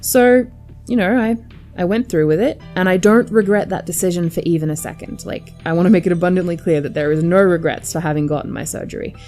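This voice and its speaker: A woman's voice: on the low side, fast, dark tone, soft background music. A young adult woman telling a personal story to camera, candid and chatty with lots of filler words. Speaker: vlogger.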